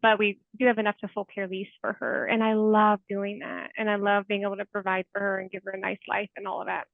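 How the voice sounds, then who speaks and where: A woman's voice: medium pitch, flat delivery, fast talker, gravelly, no echo. Woman in her forties on a tinny line. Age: 40s. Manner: earnest, heartfelt, many "like" fillers. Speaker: therapist, interview guest. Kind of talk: conversational interview storytelling. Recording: tinny phone-like remote call audio.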